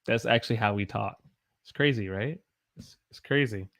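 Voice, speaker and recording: A man's voice: on the low side, normal speed, a bit bright, dry recording, clean studio sound. Southern American man teaching English casually. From Southern United States. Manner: chatty, reads viewer comments aloud, demonstrates pronunciation. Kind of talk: casual livestream English lesson.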